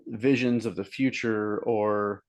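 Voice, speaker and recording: A man's voice: fairly low pitch, steady tone, takes it slowly. A young man talking casually as a guest teacher, meandering with many "likes" and "ums". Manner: meandering and hesitant, full of "like" and "um". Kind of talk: casual explanatory talk.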